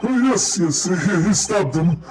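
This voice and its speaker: A man's voice: high voice, lively intonation, a little slow, darkish tone, soft background music, voice pushed up, poor audio. A man voicing a hesitant male witness in a courtroom game, stammering and unsure.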